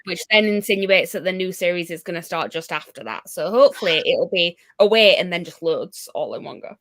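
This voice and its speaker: A woman's voice: fairly low pitch, expressive, brisk, fairly bright tone, dry recording, studio quality. A woman, a guest on a casual group video call, explaining things in a matter-of-fact way.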